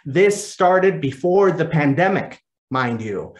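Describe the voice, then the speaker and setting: Priest speaking solemnly in a roomy space. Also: male voice, on the high side, lively intonation, takes it slowly, lo-fi sound. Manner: solemn, rhythmic reading. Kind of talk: scripture reading and address. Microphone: video call.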